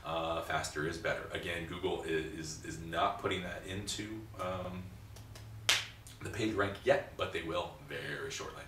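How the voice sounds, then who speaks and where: A man's voice: deep voice, fairly even intonation, moderate pace. A man teaching a recorded tech class, blunt and emphatic, often repeating words as he goes. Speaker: computer instructor. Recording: roomy sound from mic distance with faint hiss.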